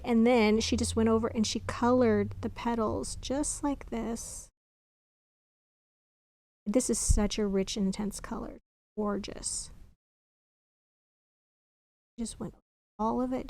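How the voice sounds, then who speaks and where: A woman's voice: fairly high pitch, steady tone, moderate pace, pauses often, darkish tone. A woman demonstrating card making in a casual crafting tutorial, chatting and thinking aloud as she works. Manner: chatty, talks while working, thinks aloud.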